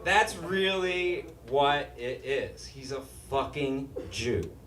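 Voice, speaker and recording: A man's voice: medium pitch, lively intonation, slow, a bit bright, a little hiss or hum. A man from Utah performing a stand-up comedy set, with a nasal, whiny voice and a brash, profane, self-mocking delivery. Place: comedy club stage before a live audience. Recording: echoey room, distant mic, audience laughter.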